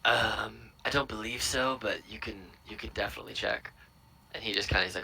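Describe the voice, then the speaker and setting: A man narrating as dungeon master in a relaxed, rambling way. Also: on the low side, fairly quick, gravelly, husky, poor audio. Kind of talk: narrating a tabletop game.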